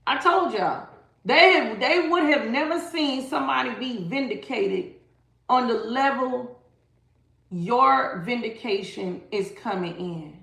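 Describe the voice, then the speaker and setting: A woman's voice: fairly high pitch, slow, gravelly, fairly bright tone, roomy sound. A woman giving a live-stream tarot reading, talking emphatically and dramatically straight to her viewers. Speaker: tarot reader.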